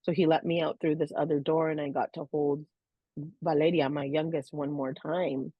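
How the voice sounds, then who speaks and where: A woman with a notably low voice tells a personal story as a podcast co-host, earnest and heartfelt, her speech full of "you know"s and small pauses. The recording is dry and close, with a slightly dull, muffled tone. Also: level tone, breathy edge, no room sound. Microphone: podcast microphone.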